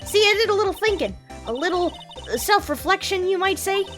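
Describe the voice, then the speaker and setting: A woman's voice: extremely high pitch, lively intonation, fairly quick, a bit bright, faint music behind, pitched above the performer's own voice. A woman doing a drawling southern gal photographer. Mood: folksy. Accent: put-on Southern US. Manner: drawling, folksy, wheeling-dealing. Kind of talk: reading a game's dialogue aloud.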